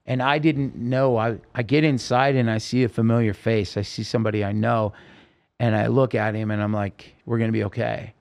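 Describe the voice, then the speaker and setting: A man's voice: medium pitch, fairly even intonation, normal speed. A man, a podcast guest, urgently recounting a personal story in vivid, present-tense detail.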